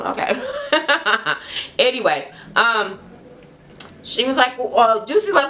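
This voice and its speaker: A woman's voice: on the high side, sing-song, takes it slowly, long pauses, pushed and bright, slight background noise. A woman casually recapping a reality show for her channel, blunt and profane, laughing often. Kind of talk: casual gossipy recap chat. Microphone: camera mic, talking to camera at home.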